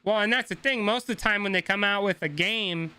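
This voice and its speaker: A man's voice: sits high, brisk, pushed and bright, clean tone, soft background music. A young man streaming a game, ranting casually and swearing a lot as he talks to his chat. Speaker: gaming streamer.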